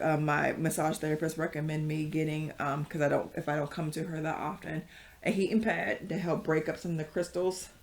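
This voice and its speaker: A woman's voice: sits low, a little mellow. A woman leading a casual yoga class, chatty and rambling, with many fillers and frequent laughs. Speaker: yoga instructor.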